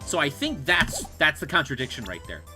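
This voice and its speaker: A man's voice: fairly high pitch, very animated, brisk. A young man casually commenting on a game he is playing and thinking aloud, with game music underneath. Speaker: let's play host. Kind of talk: gameplay commentary.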